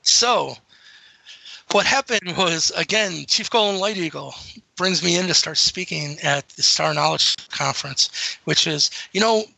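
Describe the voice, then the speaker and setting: A middle-aged man guesting on an interview, telling rambling, animated stories about his encounters. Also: on the high side, unhurried, creaky, no room sound, poor audio. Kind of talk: casual storytelling.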